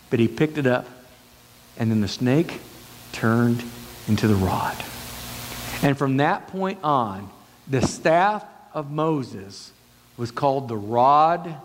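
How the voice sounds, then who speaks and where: A man preaching a sermon as pastor, retelling a story and acting out its dialogue with big swings in pitch. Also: measured pace. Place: church sanctuary. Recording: long church hall reverb.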